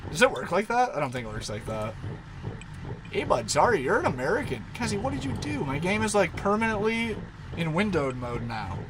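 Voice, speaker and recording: A man's voice: high voice, very animated, fairly quick, background noise. A man chatting casually on a live stream, rambling and talking baby talk to his dog.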